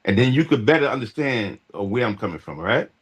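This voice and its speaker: A man's voice: mid-range voice, sing-song, fast talker, slightly rough. A man arguing insistently in a podcast debate, often stammering as he restarts. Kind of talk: heated panel debate.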